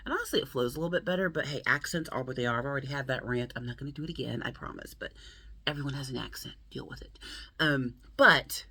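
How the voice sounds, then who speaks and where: A woman's voice: a bass voice, fast, sharp tone, husky, no room sound. An American woman hosting her book channel, chatting playfully and laughing often. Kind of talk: casual vlog chat.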